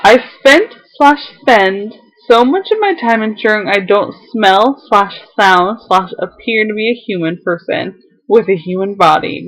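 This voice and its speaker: The audio is poor as a young woman with a mid-range voice shares a heartfelt letter with viewers on her casual vlog. She's tearful, straining not to cry, yet breaks into laughter here and there between lines.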